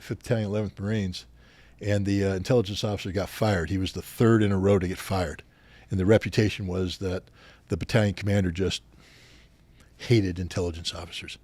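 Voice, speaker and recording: Middle-aged male guest, low voice, dry close sound, animated storyteller who gets louder at the clashes. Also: quick pace, dry recording. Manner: animated anecdotes, louder when retelling confrontations. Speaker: podcast guest. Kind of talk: storytelling interview.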